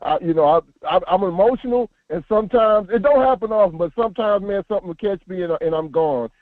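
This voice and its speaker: A man's voice: sits high, fast talker, dry recording. A man calling into a live show, talking in a rambling, emphatic way and repeating his words. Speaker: caller. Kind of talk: casual call-in chat. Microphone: phone. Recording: tinny phone line.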